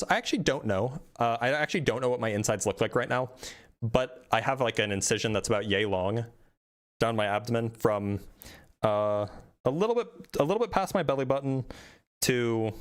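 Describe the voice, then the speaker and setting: A man hosting a live debate stream, talking casually and quickly, often restarting his sentences in a self-deprecating way. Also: medium pitch.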